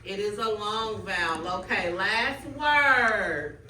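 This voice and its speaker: A woman student teacher running a phonics drill with a class, calling out words slowly and clearly. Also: medium pitch, expressive, pushed and bright, a little hiss or hum. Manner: stretches out target words clearly. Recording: echoey room, mic far off.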